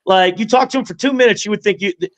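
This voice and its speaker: A man who hosts a sports radio morning show, chatting casually as a guest and telling stories with jokes. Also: fast. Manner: storytelling, joking, drops low and soft when somber. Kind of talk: casual podcast chat.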